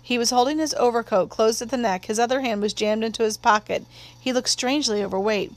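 A woman narrating an audiobook with measured, steady pacing. Her voice sits a little above the usual for a woman. She tells the story evenly and plainly. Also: a little high.

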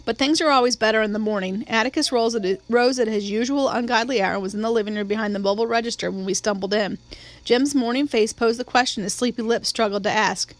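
Woman with a higher voice reading a novel. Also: brisk. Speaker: audiobook narrator. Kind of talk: scripted narration.

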